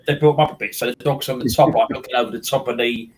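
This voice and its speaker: A man's voice: medium pitch, steady tone, very fast, background noise. A man, hosting a casual chat and rambling with many restarts and repeated words. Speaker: host.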